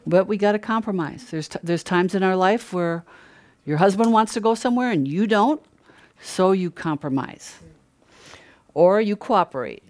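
An older woman delivers a relaxed sermon, talking to her listeners as if chatting with friends. Her voice sits at an ordinary middle pitch, and she keeps tossing out rhetorical questions with a quick laugh. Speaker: preacher. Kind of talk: conversational sermon.

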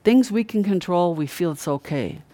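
A middle-aged preacher talks through a sermon in a relaxed, conversational way, leaning on certain words and repeating them for weight. The voice sits in a middle pitch and sounds earnest. It is recorded close and dry, with no room echo. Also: moderate pace. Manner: earnest, emphatic repetition of key words. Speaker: Christian preacher.

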